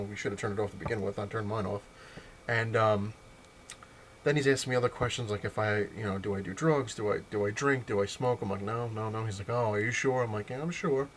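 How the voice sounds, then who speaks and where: A man's voice: fairly low pitch, a little hiss or hum. A man hosting a casual vlog, rambling through a funny story and laughing at his own jokes. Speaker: vlog host.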